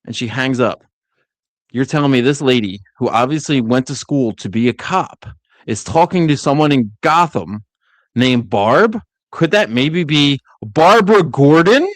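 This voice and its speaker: An animated man co-hosting a casual review podcast, voice sitting in a middle register. He recaps scenes by jumping into little character voices. The sound is dry and close, with no room around it. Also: mid-range voice, unhurried, no echo. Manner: animated, acts out quotes in voices. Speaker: podcast co-host.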